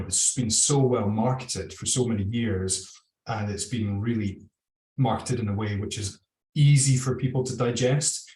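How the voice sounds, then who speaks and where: A man's voice: on the low side, a little mellow, roomy sound, low-quality recording. A man with a Scottish accent talking casually over a video call, opinionated and rambling. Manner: opinionated, rambling, self-described drinks geek. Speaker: guest whisky bottler. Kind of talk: casual virtual tasting chat.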